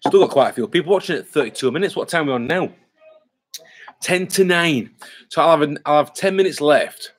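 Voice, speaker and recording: A man's voice: fairly high pitch, fairly quick. A man, chatting casually on a live stream, reading viewer comments aloud and rambling with lots of fillers. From England. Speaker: vlogger hosting a live stream.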